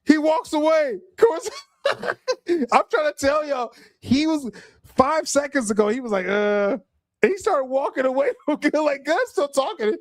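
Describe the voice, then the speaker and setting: Animated high-voiced man laughing through commentary. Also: moderate pace, dry recording, clean studio sound. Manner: laughs often, animated and mocking. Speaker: podcast host. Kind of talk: reaction commentary on a clip.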